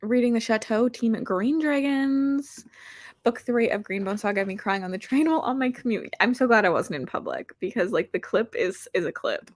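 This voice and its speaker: A woman's voice: medium pitch, animated, fast, few pauses, no room sound. A woman hosting a casual book livestream, chatting and reading out viewer comments, rambling and self-deprecating. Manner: chatty, rambling with frequent "like" fillers. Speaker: booktuber hosting reading sprints.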